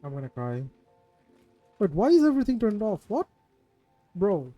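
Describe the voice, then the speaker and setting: A man's voice: high-pitched, huge pitch swings, normal speed, dry recording, highs cut off, faint music behind. A man casually chatting with viewers on his game stream, rambling and self-mocking, swearing when something goes wrong. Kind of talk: casual live-stream chat with viewers while gaming.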